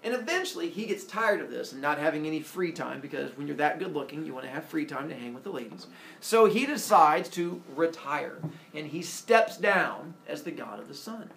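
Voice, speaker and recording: A man teaching a class, retelling a myth in a lively, joking way and putting questions to the students. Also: on the high side, gravelly. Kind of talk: classroom storytelling lecture. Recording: roomy, distant classroom sound with faint noise.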